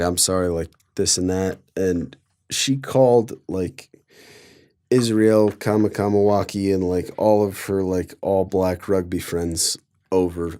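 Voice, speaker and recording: A man's voice: deep voice, fairly even intonation, slow pace, warm tone, smooth. A young man from Colorado casually telling a rambling story, full of fillers and sarcasm. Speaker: guest storyteller.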